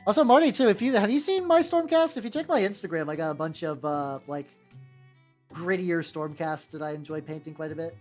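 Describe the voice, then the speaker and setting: A woman's voice: on the low side, animated, a little fast, darkish tone. A woman streaming as she paints miniatures, chatting casually, stammering, repeating herself and swearing freely. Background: faint background music.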